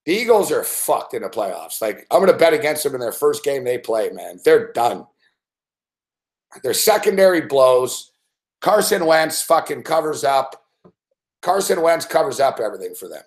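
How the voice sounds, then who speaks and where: A man's voice: mid-range voice, very animated, moderate pace. A man giving a live sports betting rant, profane and exasperated.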